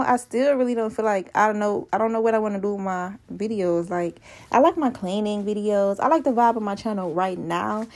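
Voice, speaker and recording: A woman's voice: medium pitch, darkish tone. A woman in her twenties talking casually and bluntly to her phone camera, swearing freely and sounding a bit out of breath. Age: 20s. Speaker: vlogger. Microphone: phone mic with earbud.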